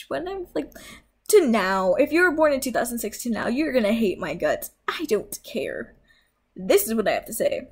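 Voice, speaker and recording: A young woman vlogger in a heated, swearing rant, scolding her viewers. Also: a little high. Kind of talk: angry rant.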